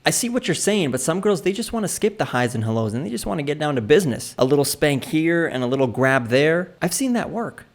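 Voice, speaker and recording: A man hosting a comedy podcast, asking his questions earnestly and cluelessly, in deadpan. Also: a little high, fast talker, hardly any pauses. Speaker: podcast host. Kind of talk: deadpan comedy interview sketch.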